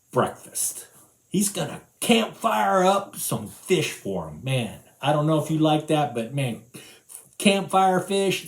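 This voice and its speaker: A man teaching a children's Bible lesson, retelling the story in an animated, conversational way. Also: medium pitch, echoey room.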